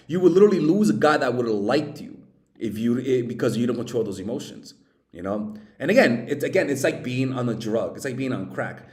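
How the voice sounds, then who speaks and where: Animated, cursing male dating coach. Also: mid-range voice, echoey room. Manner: animated, profane, many restarts. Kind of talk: casual advice vlog.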